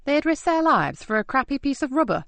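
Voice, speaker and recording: A woman's voice: high voice, big pitch swings, brisk, fairly bright tone, no room sound, voice pushed up, exaggerated voice. A woman voicing a fierce, driven female police inspector in an audiobook, talking sharply and bluntly. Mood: blunt, impatient. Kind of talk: audiobook character voice.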